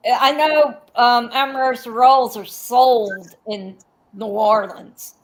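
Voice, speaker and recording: Animated Philadelphia woman, higher voice. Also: slow, low-quality recording. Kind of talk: casual chat.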